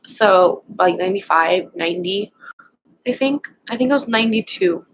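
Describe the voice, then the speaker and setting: A young woman vlogger casually telling a personal story at home, rambling and halting with lots of fillers. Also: mid-range voice, a little hiss or hum, poor audio.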